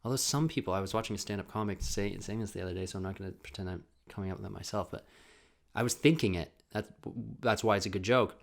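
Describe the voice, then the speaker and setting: A gravelly, lowish male voice moves at a quick pace as a young man rambles through a casual solo monologue on his home podcast. He swears freely and makes fun of himself, recorded with a desk camera mic and ring light.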